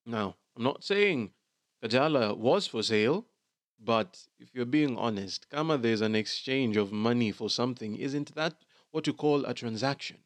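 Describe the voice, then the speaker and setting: A man's voice: medium pitch, expressive, normal speed, dry recording. A man giving casual commentary on celebrity gossip, chatty and dropping Swahili slang into his English.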